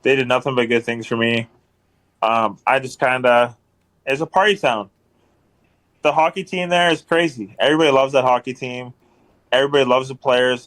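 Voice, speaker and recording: Speaking briskly and in a steady tone, a hockey enforcer guests on a podcast and tells casual, rambling stories thick with ums and repeated phrases. His voice is mid-range and a bit bright.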